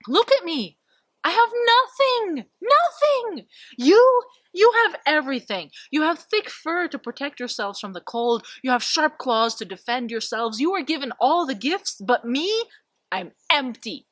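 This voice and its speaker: A woman storyteller playing a man in deep despair, his voice pitched up and strained with anguish. He cries out his emptiness in pleading bursts, a figure from a spoken folk tale, recorded dry and close. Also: very animated, measured pace, fairly bright tone, no room sound, exaggerated voice. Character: despairing man who feels empty and lacking.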